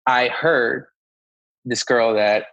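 A man's voice: mid-range voice, fairly even intonation, very slow, gravelly, a bit bright, no echo, lo-fi sound. A man earnestly recounting a personal experience in casual storytelling, acting out conversations as he goes. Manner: earnest, reenacts conversations with "I was like". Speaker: guest telling a personal story.

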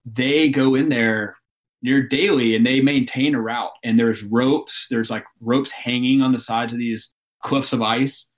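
A man from Alabama, a mountain guide telling climbing stories in an interview, animated and laughing often. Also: mid-range voice, unhurried. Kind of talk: storytelling interview.

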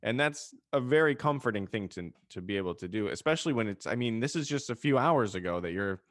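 A man hosting a podcast, talking in a gentle, supportive and somewhat hesitant way. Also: mid-range voice, expressive, fast, no echo, clean studio sound. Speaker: podcast host. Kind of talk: casual podcast conversation.

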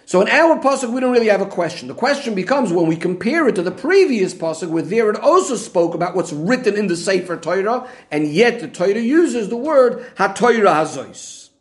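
Brief: male Torah teacher, high voice, methodical explainer. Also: sing-song, fairly quick, few pauses. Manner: methodical, restates points with Hebrew terms. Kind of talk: explaining a Rashi commentary.

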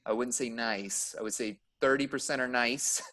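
Picture a male emergency room nurse in a loose podcast chat, speaking at an ordinary middle pitch. He tells his stories with a lot of fillers, and when a story gets tense his voice rises sharply in pitch and volume. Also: moderate pace. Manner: animated storyteller, filler-heavy, gets loud and high when agitated.

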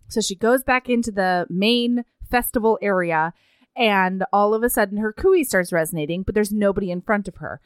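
A woman's voice: mid-range voice, normal speed, clean tone, no room sound. A woman co-hosting a podcast, recapping a story in a casual, comedic way and acting out the characters' lines. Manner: animated, laughing, acting out characters in quotes. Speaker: podcast co-host.

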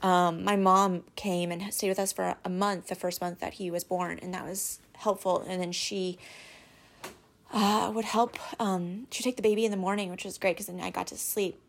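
A woman as an interview guest, telling a personal story in a halting, candid way, with many fillers and restarts. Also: on the low side, fairly even intonation, creaky. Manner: candid and emotional.

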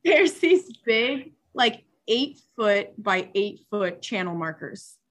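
A young woman, a superyacht stewardess, telling a story in casual chat, animated and laughing, with many filler words. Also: mid-range voice, takes it slowly.

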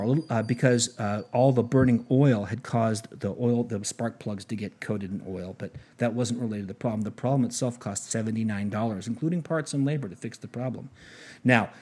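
Husky-voiced man telling a story. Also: medium pitch. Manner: animated retelling with quoted dialogue, frequent restarts. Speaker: podcast host. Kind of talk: storytelling monologue.

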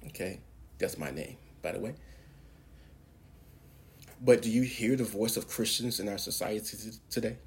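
A man's voice: lowish voice, normal speed, vocal fry, long pauses. A man hosting a preaching podcast, speaking in an emphatic, preacherly way and pushing his voice up on key words. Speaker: podcast host.

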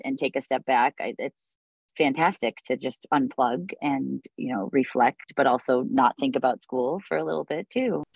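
Chatty woman music teacher, low voice. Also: gravelly, dry recording. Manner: chatty, many fillers and restarts. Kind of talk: podcast interview.

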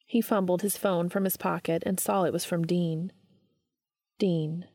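A woman narrating a story aloud in a calm, even storytelling manner. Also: lowish voice, a little slow, dry recording. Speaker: podfic reader. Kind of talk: audiobook narration of fan fiction.

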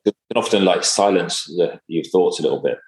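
Very deep-voiced man, halting and reflective. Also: a little mellow. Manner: halting, reflective, many fillers and restarts. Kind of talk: casual conversation. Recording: echoey room.

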